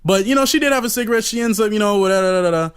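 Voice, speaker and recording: A man's voice: sits high, rapid-fire, clean tone. A man telling a rambling, profane story on a podcast in a casual way, full of "you know" fillers.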